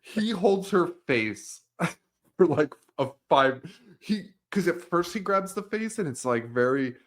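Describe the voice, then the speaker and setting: Speaking slowly in a voice on the high side, a young podcast co-host casually walks through a movie's scenes, laughing frequently and animatedly acting out quoted lines.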